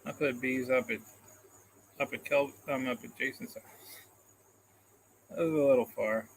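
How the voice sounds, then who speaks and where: A man's voice: medium pitch, a little hiss or hum, rough recording. A man hosting a casual live stream, reading out comments in a rambling, self-deprecating way and chuckling often, into a phone camera. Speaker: livestream host.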